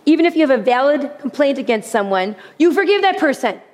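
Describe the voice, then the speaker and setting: A woman preaching a sermon with humor, animated, often repeating her key phrases. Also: sits high, fast. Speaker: women's speaker. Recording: long hall reverb.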